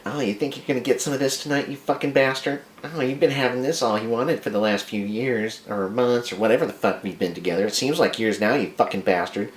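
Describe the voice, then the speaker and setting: Man doing a spiteful bullying wife, sneering, cursing, pitched up, roomy echo, faint hiss. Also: fairly quick. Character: nagging, spiteful, greedy young wife.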